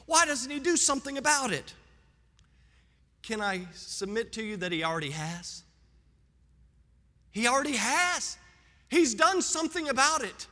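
Male pastor, high bright voice, emphatic sermon delivery, church hall reverb. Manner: emphatic preaching with rising and falling delivery. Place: church sanctuary.

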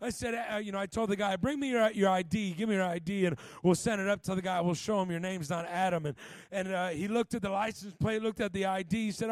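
A young evangelist from Los Angeles with a high voice, preaching a Pentecostal sermon. He leans on "uh" before his phrases, drops "man" and "bro" into his stories, and pushes into shouts of fervor. The sound is close and dry. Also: fairly even intonation, fast talker, no room sound. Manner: says "uh" before many phrases, shouts with rising fervor in the exhortation; conversational storytelling with "man" and "bro". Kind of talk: Pentecostal sermon with a personal story.

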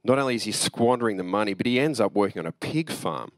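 Male pastor, low voice, dry close sound, earnest conversational sermon. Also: animated, fast, no echo. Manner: conversational and earnest, with restarts and asides.

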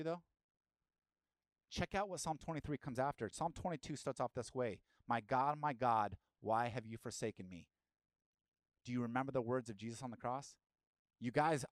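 A man's voice: medium pitch, dry recording. A man preaching a sermon as pastor, asking the listeners direct questions and rising into emphatic bursts.

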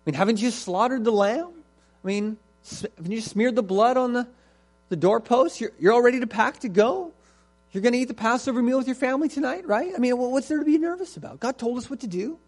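A man's voice: very high-pitched, fast, faint music behind, pitched above the performer's own voice. A man voicing a confident ancient Hebrew man who chides his friend and brushes off his worry. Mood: dismissive. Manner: dismissive, chiding, brushing off worry.

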